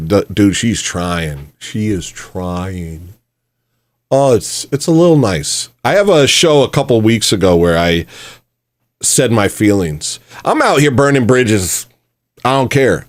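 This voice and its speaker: A man's voice: lowish voice, animated, measured pace, no room sound. A man hosting a livestream, talking bluntly and rambling in a self-mocking way. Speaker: livestream host. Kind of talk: casual livestream rant.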